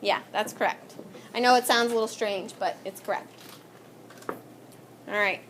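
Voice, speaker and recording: A woman's voice: mid-range voice, moderate pace, a bit bright, slight background noise. A woman teaching a classroom lesson, calling on students by name and encouraging them.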